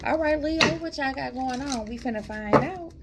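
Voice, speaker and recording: Mellow, chatty woman reading tarot. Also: sits high, normal speed, very noisy. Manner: chatty, drawling, addresses viewers as y'all; calm and mellow. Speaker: tarot reader.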